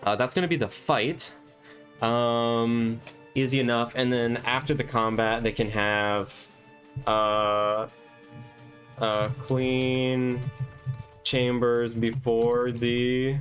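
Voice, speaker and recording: A man's voice: medium pitch, flat delivery, takes it slowly, fairly bright tone, soft background music. A man acting as game master, thinking aloud as he rambles through plans for a tabletop session. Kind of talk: casual planning monologue.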